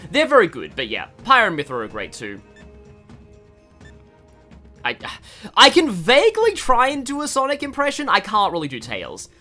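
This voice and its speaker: A man's voice: high-pitched, huge pitch swings, normal speed, long pauses, sharp tone. An Australian man giving casual, rambling game commentary, full of fillers and laughter. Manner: rambling, chatty, laughs often, many fillers. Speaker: gaming video host. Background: faint game music.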